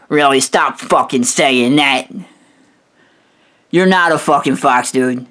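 A man's voice: mid-range voice, slow, pauses often, pushed and bright. A man delivering a profane, insulting rant as a video host, swearing constantly and stumbling over repeated restarts. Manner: aggressive, swearing, repetitive stammering restarts. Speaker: video host roasting another creator.

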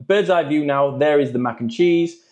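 A man's voice: fairly high pitch, normal speed, darkish tone. A man reviewing frozen food in a jokey, chatty vlog.

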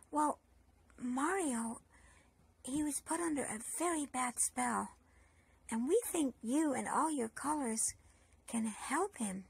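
A woman's voice: high voice, slow pace, creaky, pauses often, slightly rough. A woman narrating a children's puppet story, coaxing and talking straight to the boys and girls.

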